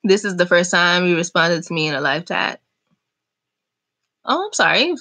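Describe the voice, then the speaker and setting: A young woman chatting casually on a live stream, reading and answering viewer comments in an animated, talkative way. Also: lowish voice, normal speed. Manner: chatty, animated, talks back to chat comments. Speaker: vlogger hosting a live chat.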